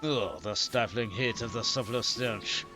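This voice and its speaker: A man's voice: on the low side, music in the background, voice pushed down, natural voice. A man voicing a haughty older noble father who talks down to his son in a pompous, archaic way, reading game dialogue aloud. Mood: disdainful. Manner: pompous, archaic, slow and heavy.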